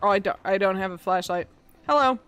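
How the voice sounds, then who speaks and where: A woman's voice: medium pitch, fairly quick, a bit bright, faint music behind. A woman streaming a game live, chatting casually with viewers in a playful, profane way. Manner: playful, profane, bursts into gasps and laughs. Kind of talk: casual live-stream chat while gaming.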